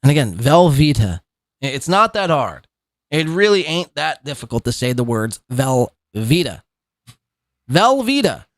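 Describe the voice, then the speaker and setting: A man's voice: mid-range voice, very animated, moderate pace, dry recording, studio quality. A man in his thirties hosting a podcast, giving mocking, sarcastic commentary on clips. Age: 30s. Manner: sarcastic, derisive, repeats words for laughs. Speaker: podcast host.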